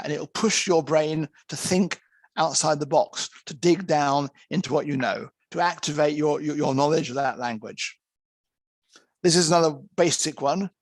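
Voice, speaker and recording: Lively man giving an interpreting lecture. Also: a little high, dry recording. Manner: lively, emphatic, counts out examples. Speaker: interpreting teacher. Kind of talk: online lecture.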